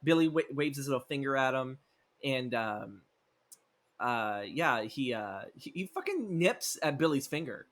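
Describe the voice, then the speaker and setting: A man's voice: medium pitch, very animated, a little slow, fairly bright tone. A man co-hosting a podcast, recapping a movie script in a rambling, profane way and acting out the characters' lines as he goes. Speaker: podcast co-host.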